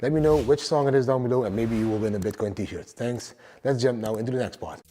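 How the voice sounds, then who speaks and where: Upbeat man with a mellow voice. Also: medium pitch, fast talker, long reverb tail, a little hiss or hum. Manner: enthusiastic, repeats "guys" and "for example". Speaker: crypto YouTuber. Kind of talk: casual monologue with trading and travel tips.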